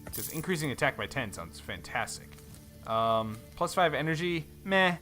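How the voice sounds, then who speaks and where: Bright-voiced easygoing let's play man. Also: fairly high pitch, lively intonation, moderate pace, soft background music, poor audio. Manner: easygoing, musing, with many fillers. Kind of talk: casual gameplay commentary and reading.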